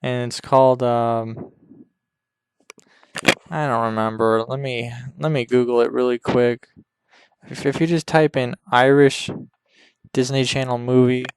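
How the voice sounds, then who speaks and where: A man hosting a podcast, rambling crudely and deadpan through an improvised comedy monologue over a game. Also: medium pitch, a little slow, pauses often, background noise. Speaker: podcast host.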